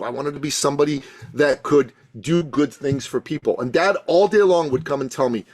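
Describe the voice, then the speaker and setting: A man guesting on a podcast as a coach, telling a story with passion and building to loud emphatic peaks. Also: a little high, lively intonation, brisk, few pauses, dry recording. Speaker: guest, coach and thought leader.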